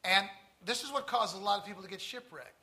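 A male preacher delivering a sermon full of stories, swinging from hushed tones to loud emphatic lines and drawing out key phrases. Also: high-pitched, quick pace. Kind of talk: sermon with storytelling.

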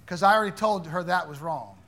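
High, bright-voiced male Bible teacher. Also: fast. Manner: playful, teasing questioner. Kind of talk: interactive Bible class.

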